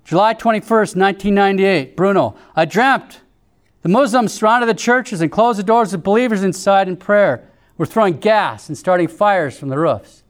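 Male narrator, high pitch, measured solemn read. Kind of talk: scripted narration reading visions.

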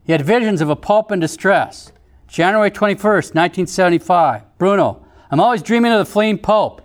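Male narrator, high pitch, measured solemn read. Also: animated. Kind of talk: scripted narration reading visions.

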